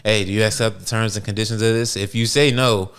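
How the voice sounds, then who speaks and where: A man's voice: lowish voice, fairly even intonation, fast talker, a bit bright, clean tone. A young man, co-hosting a podcast and chiming in with laid-back, dry, swearing jokes during an anime recap. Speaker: podcast co-host. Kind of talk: casual anime recap chat.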